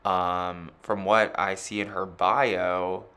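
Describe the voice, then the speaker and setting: A man's voice: deep voice, flat delivery, slow, pushed and bright. A man giving a rambling, casual astrology chart reading, full of filler words.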